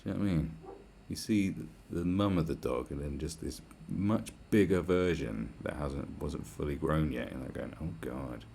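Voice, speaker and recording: A man's voice: extremely low pitch, lively intonation, normal speed, gravelly, darkish tone, slight background noise. A man, hosting a podcast in a crude, blunt, rambling solo rant full of swearing and sarcasm. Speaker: podcast host.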